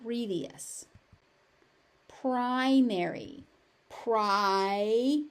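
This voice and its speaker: An American woman teaching pronunciation, repeating each word slowly and carefully. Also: on the high side. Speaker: pronunciation tutor. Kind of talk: slow pronunciation lesson.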